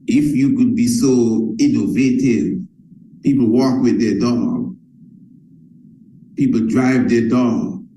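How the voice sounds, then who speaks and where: Man, motivational sales coach, mellow emphatic voice, repetitive delivery, echoey room. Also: medium pitch, takes it slowly, pauses often. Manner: emphatic and repetitive, addresses listeners as family.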